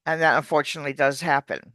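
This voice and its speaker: An accent coach giving explanatory interview answers like an animated teacher, demonstrating words. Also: medium pitch, fast, no echo.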